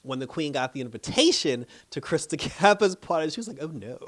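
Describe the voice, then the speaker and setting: Animated man recapping a TV episode. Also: on the high side, fast talker, hardly any pauses. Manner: animated, profane, laughs often, acts out characters' lines. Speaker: TV show reviewer. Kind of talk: casual recap and review.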